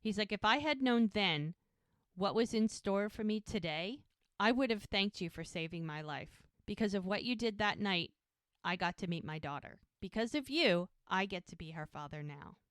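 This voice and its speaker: A woman's voice: medium pitch, animated, moderate pace, fairly bright tone, smooth, dry recording, studio quality. A woman co-hosting a podcast, casually recapping a TV episode and acting out the characters' lines as she retells scenes, laughing now and then. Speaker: podcast co-host.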